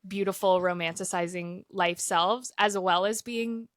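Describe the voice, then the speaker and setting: A woman's voice: fairly low pitch, fairly even intonation, a little slow, a bit bright, no room sound, clean studio sound. A young woman co-hosting a podcast, talking in an easygoing, casual way with many "like" fillers. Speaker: podcast co-host. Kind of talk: casual chat, reading a review aloud.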